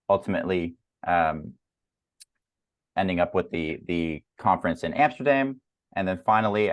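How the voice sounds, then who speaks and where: A man hosts an academic journal club over a video call and walks through slides in a measured, filler-laden way. His voice sits very low. The sound is dry and close. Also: no room sound. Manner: measured, with frequent fillers and repeated words.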